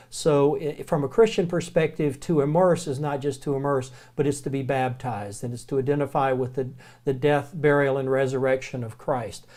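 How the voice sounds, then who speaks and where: A man with a Southern American accent teaching the Greek alphabet in a relaxed, folksy recorded lecture, slowing down to spell out words. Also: on the high side.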